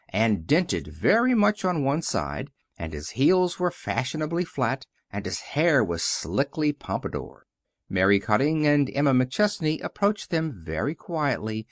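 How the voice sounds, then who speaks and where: A man narrating a novel in an expressive, flowing storytelling manner. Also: mid-range voice, no echo, clean studio sound. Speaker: audiobook reader. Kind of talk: scripted narration.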